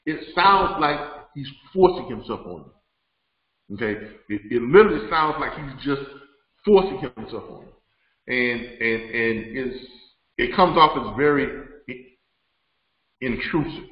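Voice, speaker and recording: A man's voice: medium pitch, animated, unhurried, long pauses. A middle-aged man, hosting a live webinar Q&A in a conversational way, repeating words and laughing often. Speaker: host. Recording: roomy, dull lo-fi sound.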